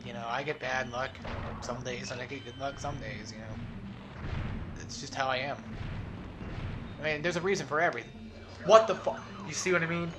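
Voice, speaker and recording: A man's voice: medium pitch, moderate pace, long pauses, background noise. Rambling young man narrating his gameplay. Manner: rambling, self-mocking, swears and laughs often. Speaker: let's play host. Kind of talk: casual gameplay commentary.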